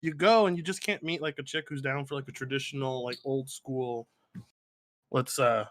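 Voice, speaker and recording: A man co-hosting a podcast, telling stories in an excitable way and stumbling over his words. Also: medium pitch, brisk, dry recording. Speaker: podcast co-host. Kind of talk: casual banter.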